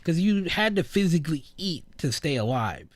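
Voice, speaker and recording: A man's voice: on the high side, very animated, moderate pace, no echo, studio quality. A young man co-hosting a casual gaming podcast, laid-back, saying "like" and "dude" often and laughing between thoughts. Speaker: podcast co-host.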